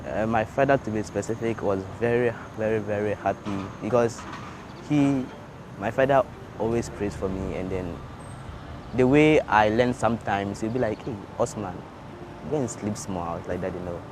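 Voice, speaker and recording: A young man, a scholarship student who answers interview questions haltingly and repeats his words. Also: on the low side, noisy background. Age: young adult. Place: outdoors in town. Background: music and passing vehicles.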